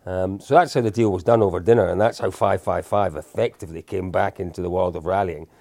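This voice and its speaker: A man in his fifties recounts his past as an interview guest, in an anecdotal, self-mocking way. His voice sits low and has a gravelly fry. The recording is dry and close, with no room sound. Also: fairly even intonation, fast talker, a little mellow, no room sound. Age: 50s. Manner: anecdotal, self-deprecating, with frequent restarts and chuckles. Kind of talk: casual storytelling in an interview.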